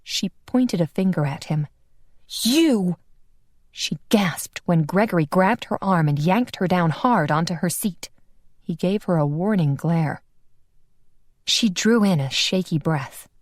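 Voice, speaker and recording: A woman narrating an audiobook in an even, unhurried storytelling manner. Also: fairly low pitch, no echo. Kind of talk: scripted narration.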